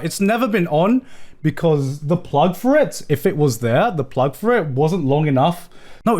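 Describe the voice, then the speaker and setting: Animated man reacting on a live stream. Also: sits high. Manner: animated, incredulous, swears and laughs often. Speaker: streamer reacting to fan edits.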